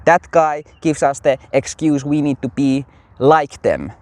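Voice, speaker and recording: A man's voice: a little high, unhurried, no room sound. A man giving casual, rambling religious commentary with many fillers.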